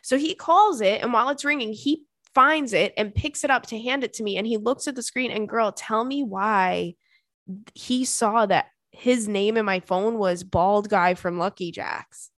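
A woman's voice: fairly high pitch, normal speed, a bit bright, dry recording, studio quality. A young adult woman hosting a podcast, telling candid stories in a chatty, oversharing way with swearing and laughter. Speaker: podcast host. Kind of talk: casual chat.

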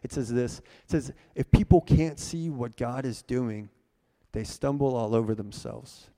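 Young male preacher, casual and high-energy, mellow tone, long hall reverb. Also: unhurried. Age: young adult. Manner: energetic, conversational, rallies the crowd to repeat. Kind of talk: youth sermon.

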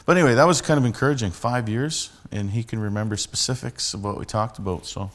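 A man's voice: mid-range voice, fast talker. A man, a street preacher telling a story and teaching in a conversational sermon style with many restarts.

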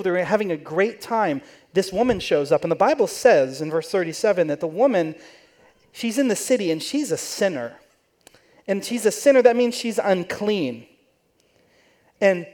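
A man's voice: high-pitched, a little mellow. A man preaching in church, telling the story conversationally and acting out the quoted voices. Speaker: pastor. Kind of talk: sermon.

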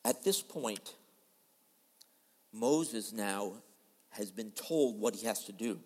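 A man preaching a sermon in a dramatic style, switching between loud and soft as he acts out quoted voices. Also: lowish voice, animated, slow pace, husky, big-room sound. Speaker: pastor. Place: large church hall.

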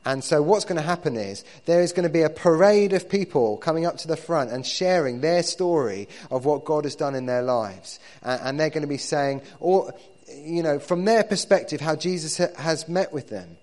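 A man's voice: fairly high pitch, moderate pace, few pauses, a little mellow. Man preaching a conversational sermon. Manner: conversational, repeats words while building points. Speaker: pastor.

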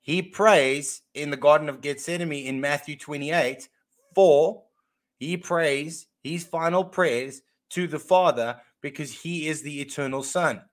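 A man's voice: a little high, unhurried. Emphatic man arguing theology. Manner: emphatic, repeats key phrases. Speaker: podcast co-host. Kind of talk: casual theology discussion.

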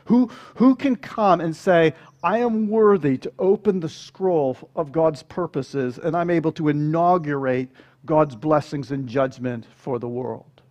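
A man delivering a sermon with a slightly raised pitch. He speaks earnestly, piling up phrases and pressing rhetorical questions with rising emphasis. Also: unhurried, a little mellow. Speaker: preacher.

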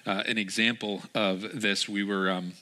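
A man in his thirties preaching a sermon in a lively way, acting out quoted people in changed voices. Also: lowish voice, moderate pace. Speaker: pastor.

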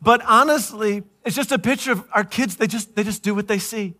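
A middle-aged man preaches through a funny family anecdote with a high, bright voice. He slips into the voices of the people he quotes and laughs along with the story. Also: fairly quick. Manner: animated, acts out quoted voices, laughs often. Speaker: pastor. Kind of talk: sermon-style storytelling.

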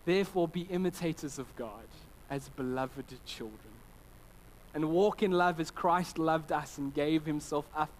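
A man in his thirties preaching a sermon, telling family stories between scripture readings and acting out quoted voices with lively restarts. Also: a little high, a little hiss or hum, rough recording. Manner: conversational preaching with anecdotes, frequent restarts and animated quoted voices. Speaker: pastor.

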